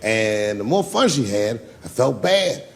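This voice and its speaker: Animated, profane male stand-up comic. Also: lowish voice, unhurried, creaky. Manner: profane, animated, acts out characters. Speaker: stand-up comedian. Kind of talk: stand-up storytelling. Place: comedy club stage. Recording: long stage reverb, faint noise.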